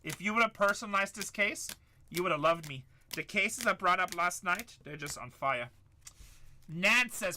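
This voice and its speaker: A man's voice: high-pitched, animated, normal speed, slight background noise. A middle-aged man hosting a live card break, hyping up the chat and repeating his calls. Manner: hyped, shouts up to the chat, repeats lines.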